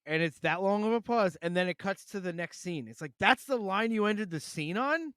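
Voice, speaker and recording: A man's voice: high-pitched, lively intonation, moderate pace, a bit bright, clean tone, no echo. Dry-voiced man retelling a movie, laughing. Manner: swears freely, laughs often, mocks movie lines. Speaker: podcast co-host. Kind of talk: casual chat.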